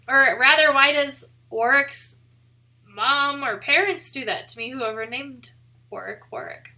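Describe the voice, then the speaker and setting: A young woman from the American Midwest, chatting casually on a live stream in a rambling way, full of "like" and quick laughs. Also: sits high, animated, sharp tone. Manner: chatty and rambling, heavy use of "like", laughs often. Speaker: photography streamer.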